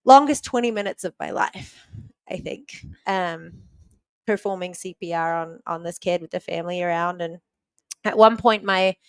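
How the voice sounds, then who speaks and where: A woman from New Zealand, a podcast guest, earnestly retelling a personal story with quick restarts. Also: on the low side, smooth, no room sound.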